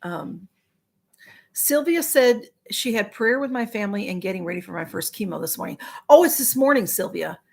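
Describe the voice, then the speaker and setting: A livestream host with a medium-pitched, creaky voice and lively intonation talks at normal speed. She chats casually and responds kindly to viewer comments, often saying um and starting sentences over.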